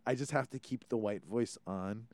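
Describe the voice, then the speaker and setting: A man from Hawaii, hosting a casual podcast chat in an animated, swearing way. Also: on the low side, moderate pace, no room sound. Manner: animated, swearing, many restarts. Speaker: podcast host.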